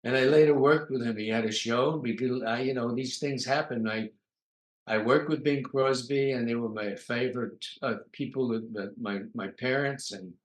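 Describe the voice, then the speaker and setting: A man's voice: medium pitch, moderate pace. An older man from New York, a guest comedian, telling long anecdotes in a casual interview, full of uh fillers. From New York, USA. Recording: roomy echo.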